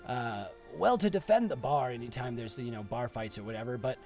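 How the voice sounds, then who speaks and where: A man's voice: medium pitch, brisk, highs cut off, music in the background, natural voice. A man voicing a friendly, rambling male bartender in a tabletop game. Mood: earnest. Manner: rambling, eager to help. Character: friendly hesitant male bartender with magic sword.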